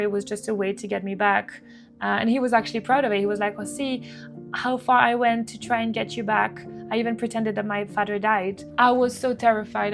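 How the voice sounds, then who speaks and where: With a creaky mid-range voice, a woman vlogger tells a painful personal story to camera, earnest and halting, often restarting and repeating words. Faint guitar music plays beneath her voice.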